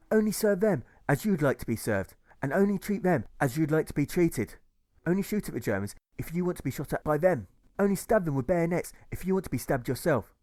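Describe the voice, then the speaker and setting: A man's voice: fairly high pitch, mellow, no echo, lightly acted. A man voicing an idealistic young pacifist who gives an impassioned rallying speech.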